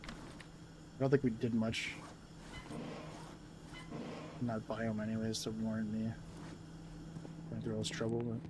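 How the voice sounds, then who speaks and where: A man's voice: fairly low pitch, monotone, moderate pace, heavy background noise. A man giving casual gameplay commentary, rambling and self-amused, easily sidetracked. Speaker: game streamer.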